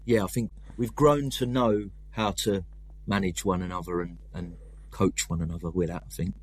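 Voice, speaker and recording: Young London punk singer, low husky voice, rambling and self-deprecating in interview. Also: male voice, steady tone. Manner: rambling, self-deprecating, quick talker with restarts. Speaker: punk band vocalist and lyricist. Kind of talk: casual interview chat.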